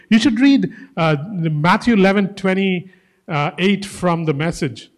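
A man's voice: high-pitched, takes it slowly, long reverb tail. A male preacher giving a sermon, emphatic, repeating key phrases and calling his listeners guys.

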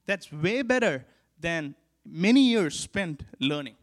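A man preaching to his church in an earnest sermon, his voice sitting a little higher than most men's. He drives his points home by repeating them. He shifts between forceful calls to act and soft, close asides. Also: animated, measured pace. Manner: earnest, repeats key lines for emphasis; swings from emphatic to hushed. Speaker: pastor.

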